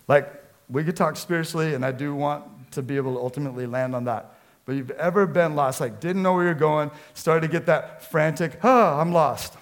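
A man, a pastor from the Seattle area, preaching a sermon with lively storytelling and acted-out quotes. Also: a little high. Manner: storytelling, animated, acts out quotes.

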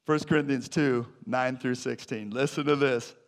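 Male pastor, lively jokey sermon delivery, sudden loud bursts, mid-pitched voice. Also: moderate pace, smooth.

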